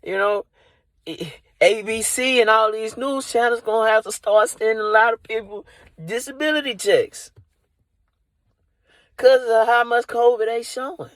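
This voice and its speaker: A man's voice: high-pitched, measured pace, fairly bright tone, no room sound. Man, improv comic, rambling, filler-heavy, inside a car, dry sound. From Dallas area. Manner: rambling, loaded with "you know" and "like". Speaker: comedian. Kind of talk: improvised comedy monologue.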